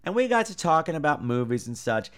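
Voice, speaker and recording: A man's voice: fairly high pitch, sing-song, fairly quick, smooth. A man hosting a podcast, chatting casually about movies and theater in a campy, sarcastic and profane manner. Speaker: podcast host.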